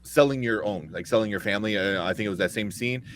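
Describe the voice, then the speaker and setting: Excitable swearing man reviewing a movie. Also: fairly low pitch, fast talker. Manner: excitable, swears freely, retells scenes in quoted voices. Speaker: podcast co-host. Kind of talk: casual movie review chat.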